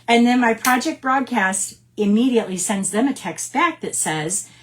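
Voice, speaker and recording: A woman's voice: a little high, animated, normal speed, a little hiss or hum. A woman, a direct sales team leader giving her team an upbeat, chatty training talk. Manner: upbeat and chatty, keeps checking in with "right?".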